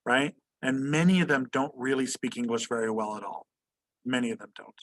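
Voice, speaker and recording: A man's voice: mid-range voice, a bit bright. Male history teacher leading a video-call class; questioning, checks in with "right?" constantly. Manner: asks students questions, tags "right?" often. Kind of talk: online class lecture.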